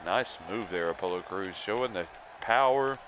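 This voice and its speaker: A man playing a wrestling video game, giving excitable play-by-play commentary mixed with in-character trash talk. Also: fairly low pitch, moderate pace, background noise. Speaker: let's play host.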